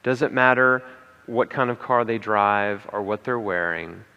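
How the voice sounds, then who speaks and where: This conference speaker's voice sits on the low side, unhurried, pushed and bright yet smooth, though the audio is dull. He gives an emphatic motivational talk in a reverberant hall, repeating key lines and checking in with "okay?" and "right?".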